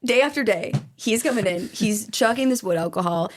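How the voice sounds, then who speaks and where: A woman co-host walks her friend through a true crime tale in loose, conversational storytelling. She's animated and swears freely, often laughing between phrases. Her voice sits in a middle register. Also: mid-range voice, brisk, soft background music.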